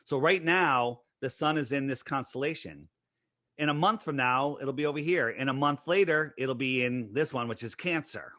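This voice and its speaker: Man, interview guest: insistent, piles up rhetorical questions; bright, forceful tone, dry close sound. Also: mid-range voice, moderate pace, no echo. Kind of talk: conversational explanation.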